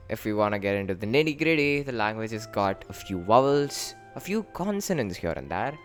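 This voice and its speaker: A man casually and playfully explaining his invented language, joking and jumping up in pitch for emphasis. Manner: jokey, animated, with sudden lifts in pitch.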